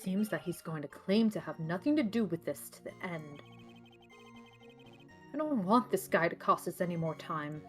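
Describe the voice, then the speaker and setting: A woman voicing a cool, haughty male prosecutor in a measured, composed manner as she reads game dialogue aloud. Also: on the low side, animated, faint music behind, voice pushed down, lightly acted.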